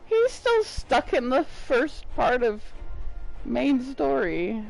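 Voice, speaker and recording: A man's voice: very high-pitched, slow, creaky, faint music behind, rough recording. Giggly, tired male game streamer. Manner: giggly, drowsy, animated. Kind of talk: casual stream chat with viewers.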